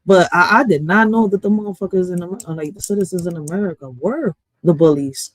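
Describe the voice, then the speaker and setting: A woman streamer rants to her chat in loose, profane slang. Her delivery is animated and direct. The recording is dry and close, with no room sound. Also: lowish voice, brisk, few pauses, no echo, poor audio. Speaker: streamer and poet. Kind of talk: casual live-stream rant.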